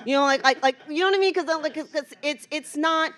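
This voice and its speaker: A woman on a convention panel, talking in a lively way with quick restarts. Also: high voice. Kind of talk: panel discussion.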